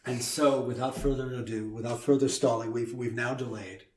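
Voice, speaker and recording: A man's voice: mid-range voice, steady tone, a little mellow, recorded from a distance. Teasing man with a roomy echo. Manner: teasing, drawn-out, stalling with breathing exercises. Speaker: host. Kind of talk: playful casual chat. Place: indoors at a table.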